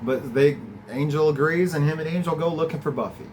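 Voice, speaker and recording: A man hosting a podcast, recapping and reviewing an episode in a casual, enthusiastic way, laughing often and letting his pitch jump up when he gets excited. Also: a little fast, a little hiss or hum, rough recording. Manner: chatty and enthusiastic, laughs often, swings from low to high pitch.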